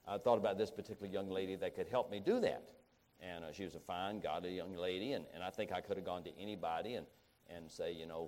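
Brief: middle-aged male preacher, low voice, halting restarts, bursts of emphasis. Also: steady tone, a little mellow. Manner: rambling, halting with many restarts, rising to emphatic peaks. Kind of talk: sermon.

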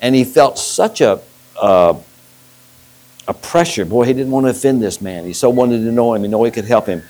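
A man's voice: mid-range voice, animated, moderate pace, a little mellow, rough recording. A middle-aged man, a pastor, preaching a sermon and telling stories with restarts. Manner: storytelling with restarts and acted-out quotes.

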